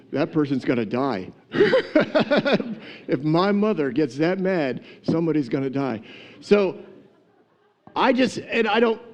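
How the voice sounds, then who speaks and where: A man's voice: high-pitched, darkish tone, dull audio. A pastor preaching a sermon to his church, retelling a parable with humor, laughing often and acting out the characters. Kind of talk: sermon storytelling.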